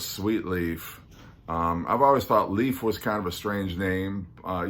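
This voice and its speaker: Low-voiced man musing on a podcast. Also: a bit bright. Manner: musing, hesitant, earnest, many ums and restarts. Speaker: podcast host. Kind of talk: casual solo podcast countdown.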